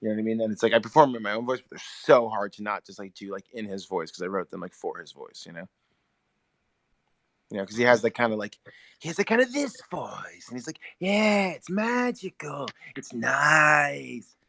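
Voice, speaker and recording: A man co-hosting a podcast in casual chat, animated and acting out a comedian's bits. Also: fairly low pitch, quick pace. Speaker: podcast co-host.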